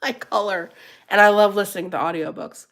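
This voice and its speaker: A middle-aged woman hosting a casual livestream chat, animated and laughing often, going high and squealy when she quotes herself. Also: a little fast, gravelly. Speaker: livestream host.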